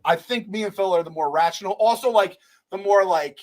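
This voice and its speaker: A fast-riffing man with a notably high voice, chatting casually on a sports podcast. He swears freely and jumps into acted-out quotes as he gets excited. His talk stays loose and conversational. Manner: profane, excitable, acts out quotes. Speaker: podcast co-host.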